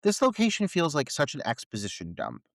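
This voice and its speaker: An animated man co-hosting a film podcast, his pitch a touch high and swinging widely as he riffs. He swears freely and jokes wryly. The sound is dry and close. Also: fairly quick, vocal fry, dry recording. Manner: animated, profane, wry. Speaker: podcast co-host. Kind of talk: casual film review chat.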